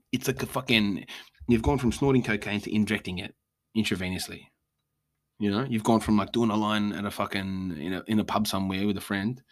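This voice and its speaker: A young Australian man talks through a casual solo podcast in a somewhat low voice. He rants bluntly, swearing freely as he goes. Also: a bit bright. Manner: profane, blunt, ranting. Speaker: podcast host.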